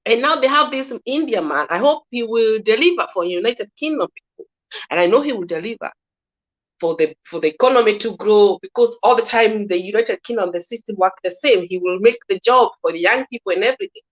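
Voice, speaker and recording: A woman with a Kenyan accent giving casual political opinions in halting speech, with many restarts and repeated words. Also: mid-range voice, lively intonation. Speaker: guest commentator. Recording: slightly dull lo-fi recording.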